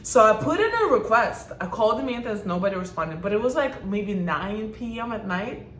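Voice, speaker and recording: Female vlogger, lively casual storyteller, middle pitch, echoey room sound. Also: brisk, slight background noise. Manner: animated, swears, laughs, mimics herself loudly.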